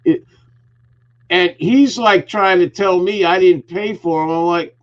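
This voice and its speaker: A man's voice: high voice, expressive, normal speed. Man, heated profane storyteller, talk show host, dull recording. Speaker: podcast host.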